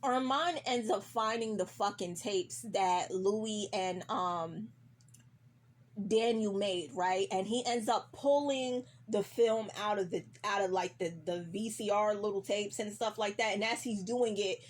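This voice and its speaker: A woman's voice: medium pitch, a little slow. A woman recapping a TV episode in casual, profane chat, acting out the characters' lines as she goes. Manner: animated, acts out characters' lines mid-story.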